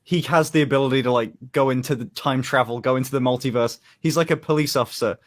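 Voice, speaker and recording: A man's voice: medium pitch, fast talker. A man in a casual podcast chat, explaining things in a hesitant, meandering way.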